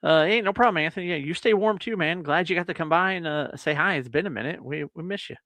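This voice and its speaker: A man's voice: fairly high pitch, fast, pushed and bright, dry recording. A man co-hosting a podcast, teasing his friend in casual banter over beers. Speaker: podcast co-host.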